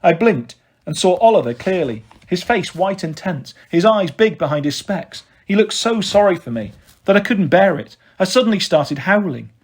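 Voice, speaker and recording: A man reading a children's novel aloud in a steady first-person narration. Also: sits high, normal speed, husky. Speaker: storyteller.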